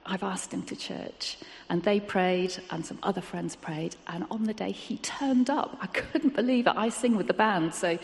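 A British woman telling a personal church story to an audience, lively and acting out the dialogue. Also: mid-range voice, moderate pace, hardly any pauses. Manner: lively storyteller who acts out quoted dialogue. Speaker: church member sharing a testimony. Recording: long hall reverb.

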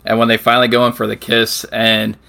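A man's voice: on the low side, completely flat delivery, brisk, gravelly, sharp tone. A man co-hosting a casual podcast, agreeing easily and recounting favorite moments with a chuckle. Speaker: podcast co-host. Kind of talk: casual chat reviewing a sitcom episode.

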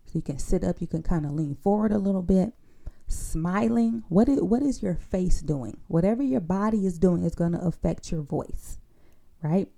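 A woman teaching public speaking in a podcast, her voice low and very dark in tone. There is a gravelly fry in it as she works through her points, repeating key lines and checking in with her listeners. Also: expressive, normal speed. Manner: coaching, often adds a tag question for agreement; repeats key phrases for emphasis. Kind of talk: instructional podcast monologue.

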